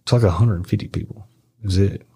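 Chatting casually as a podcast guest, a middle-aged Arkansas man spins meandering anecdotes full of swearing, voicing other people's lines in a high voice. He talks at a quick pace with a warm tone and a breathy edge.

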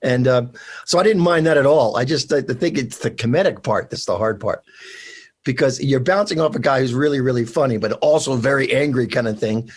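An older man chats easily as a guest on a talk show, spinning stories and now and then belting out a quoted shout. His voice sits at an ordinary middle pitch. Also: fairly quick. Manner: chatty storyteller, acts out shouted quotes. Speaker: actor guest. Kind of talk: casual radio interview.

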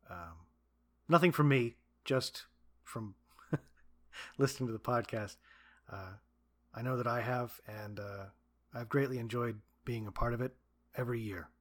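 A man, a guest story reader, giving a casual, hesitant thank-you message with frequent ums. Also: medium pitch.

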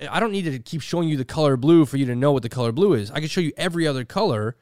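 A man's voice: fairly high pitch, expressive, rapid-fire, a little mellow, clear, resonant tone, no room sound, studio quality. A man co-hosting a casual podcast chat, explaining his views firmly and arguing back with everyday examples. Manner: firm, argumentative, explains with examples. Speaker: podcast co-host.

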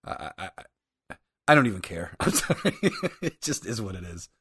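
A man's voice: low-pitched, big pitch swings, moderate pace, fairly bright tone, husky. A man co-hosting a podcast, mock-apologetic, stammering and laughing in casual chat. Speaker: podcast co-host.

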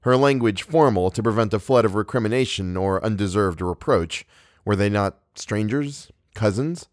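A man narrating a novel as an audiobook in a measured, unhurried way. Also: fairly low pitch, no echo, clean studio sound. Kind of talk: audiobook reading.

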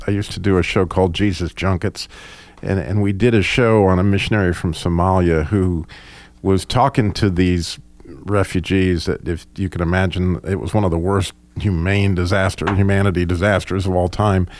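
Low-pitched man, reflective group talk, halting with restarts, dry close sound. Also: steady tone, a little mellow, no echo. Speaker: discussion participant. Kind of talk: casual group discussion.

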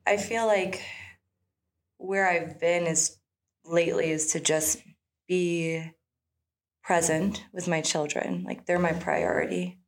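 A woman in her thirties talks as a guest on a casual podcast, her voice on the low side. She answers candidly but hesitantly, pausing often and leaning on small fillers. The delivery is unhurried and personal. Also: steady tone. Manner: candid and hesitant, full of pauses and "you know". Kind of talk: casual interview chat.

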